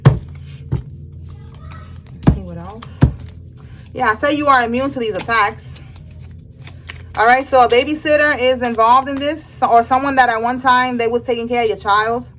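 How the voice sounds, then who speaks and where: A woman's voice: fairly high pitch, steady tone, moderate pace, pauses often, a bit bright, a little hiss or hum, low-quality recording. A woman giving a general tarot reading in a casual, emphatic way, talking straight to the viewer with slangy speech. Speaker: tarot reader.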